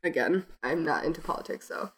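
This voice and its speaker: A young woman from Minnesota as a guest, telling animated anecdotes with lots of "like" and "you know". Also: sits low, a little fast. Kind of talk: casual storytelling chat.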